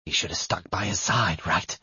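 Male narrator doing a creepy, raspy woman clerk, low and gruff, menacing lectures, dry dull audiobook sound. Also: normal speed, pushed and bright, no echo, heavily acted. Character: eerie red-haired woman receptionist, unhinged, preachy.

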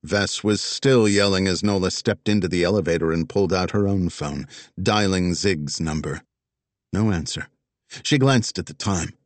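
A man narrating a crime story as an audiobook, with expressive, dramatic storytelling. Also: deep voice, normal speed, no room sound.

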